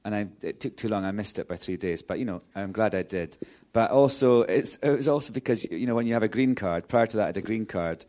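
A man with a slightly low voice chats playfully with the hosts, giggling and circling back on his own sentences. He sounds like an actor guest enjoying a loose conversation, speaking from a cinema screening room. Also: fast, few pauses, mellow. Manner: giggly, playful, rambling with restarts. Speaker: actor guest, festival jury member. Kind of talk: casual chat.

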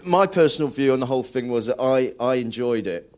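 A man's voice: mid-range voice, expressive, fairly quick, darkish tone. A man, an actor, talking in a live radio interview and often restarting while searching for words. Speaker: actor, studio guest. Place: live radio broadcast at a film festival.

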